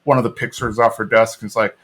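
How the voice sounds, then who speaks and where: A man's voice: on the low side, level tone, quick pace. A man co-hosting a podcast, casually retelling a cartoon episode with plenty of fillers and little laughs. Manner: rambling, lots of fillers and laughs. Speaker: podcast co-host. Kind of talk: casual recap chat.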